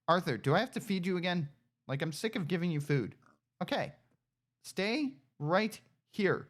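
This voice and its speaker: Animated low-voiced woman gaming. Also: normal speed. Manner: animated, talks to herself and coaxes a pet pig; excitable shouts and cheers. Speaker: gaming streamer. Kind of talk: casual gameplay commentary.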